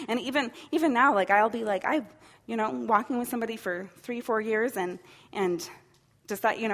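A woman leading a church small group, teaching in a reflective, gently encouraging way with frequent restarts. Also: medium pitch, brisk. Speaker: women's ministry teacher.

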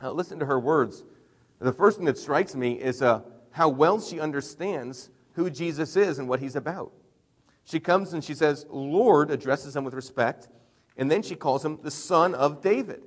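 A middle-aged man preaching a sermon in a conversational way, with emphatic swings in loudness. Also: on the high side, moderate pace, long reverb tail. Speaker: pastor.

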